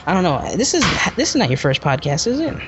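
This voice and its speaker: A man hosting a casual podcast, joking and excitable, talking in loose rambling bursts. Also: sits high, fast talker, noisy background. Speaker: podcast host. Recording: muffled lo-fi recording.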